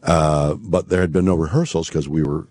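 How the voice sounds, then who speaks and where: An older man, a radio show guest, telling a long story in a halting way, full of fillers and restarts. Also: rumbling low, steady tone, darkish tone, dry recording.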